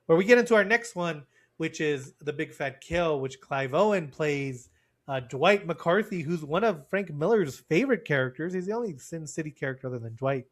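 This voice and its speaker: A man's voice: fairly high pitch, lively intonation, moderate pace. Chatty man recapping a movie. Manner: rambling recaps with many fillers. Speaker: podcast co-host. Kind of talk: casual movie discussion.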